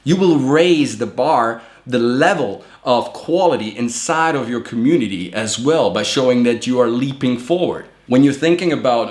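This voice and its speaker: A man's voice: mid-range voice, normal speed, few pauses. Emphatic male acting coach, roomy sound. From Germany. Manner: energetic, emphatic, repeating phrases for emphasis. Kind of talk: motivational talk to camera.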